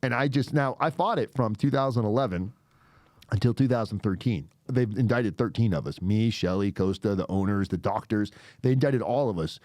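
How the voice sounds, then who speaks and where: Lowish-voiced man telling a wild story. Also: fairly quick, dry recording. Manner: animated, swears a lot, acts out quoted voices. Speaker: podcast guest telling his story. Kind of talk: casual storytelling. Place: podcast studio.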